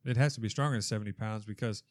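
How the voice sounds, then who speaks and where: A man's voice: on the low side, racing, a little mellow, no echo, studio quality. A man who is a guest on a casual podcast chat, explaining things in a plain, matter-of-fact way. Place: podcast studio room.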